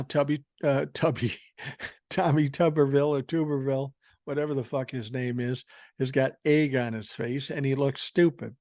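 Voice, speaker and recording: A man's voice: a little high, a little mellow, no echo, studio quality. An older man hosting a podcast, ranting through political commentary in a profane, sarcastic and mocking way. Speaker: podcast host.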